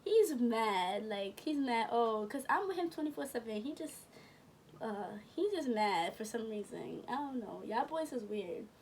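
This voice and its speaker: A woman's voice: on the high side, lively intonation, normal speed. A young woman telling a casual storytime, rambling and correcting herself as she goes, full of slang. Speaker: vlogger. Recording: from a distance with faint room noise.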